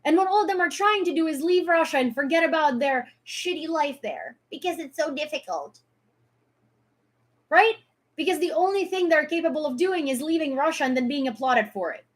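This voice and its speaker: Woman from Ukraine, fairly high voice, live-stream rant, sarcastic, fiery, profane. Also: animated, normal speed. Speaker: social media creator.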